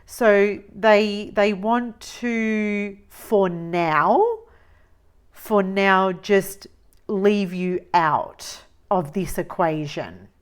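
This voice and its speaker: A woman giving a tarot reading, musing slowly and repeating phrases as she reads the cards. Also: mid-range voice, clean tone. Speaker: tarot reader.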